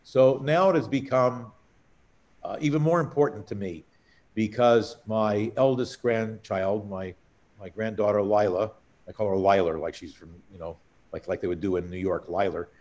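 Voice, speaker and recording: An older man, a cantor, telling stories in conversation, halting and restarting as he reminisces. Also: fairly low pitch, darkish tone. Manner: anecdotal, halting storyteller with many restarts.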